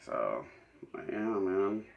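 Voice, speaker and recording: A low-voiced man talks in loose, crude banter as a podcast co-host. He rambles through jokes with restarts and laughs. He sounds like he is in a roomy, echoey space. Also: sing-song, very slow, vocal fry, muffled recording.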